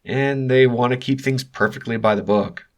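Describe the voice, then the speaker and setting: A man voicing a young male graduate intern who speaks carefully and tries to calm things down. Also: mid-range voice, normal speed, pitched above the performer's own voice, close to an everyday voice. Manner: careful, conciliatory.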